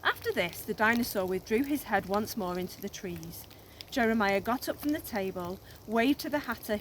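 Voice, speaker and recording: A woman teacher reading a children's story aloud, gently and expressively, outdoors on a snowy walk into a phone camera. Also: medium pitch, expressive, normal speed, slight background noise.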